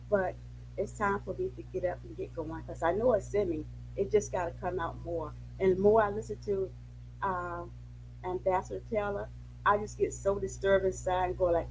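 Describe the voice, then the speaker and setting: A soft-spoken woman giving a hesitant testimony on a call, pausing often with many ums. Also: fairly low pitch, slight background noise, low-quality recording.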